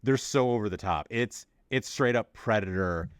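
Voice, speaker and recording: A man with a very low voice talks through a podcast chat, loose and jokey. He slips into quick put-on voices to act out scenes. The sound is dry and close. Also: clear, resonant tone, no echo. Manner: animated, jokey, acts out movie characters in quick voices. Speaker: podcast co-host. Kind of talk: casual chat.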